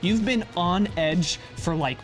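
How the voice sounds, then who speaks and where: A man's voice: high voice, slow. A man co-hosting a casual gaming show, chatting playfully and laughing often. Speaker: co-host. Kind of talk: casual chat while gaming. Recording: music playing under the voice.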